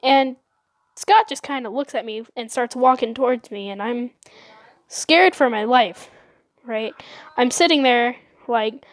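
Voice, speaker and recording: A young woman telling a storytime vlog in a giggly, excitable way. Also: on the high side, a little slow, dry recording. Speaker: vlogger.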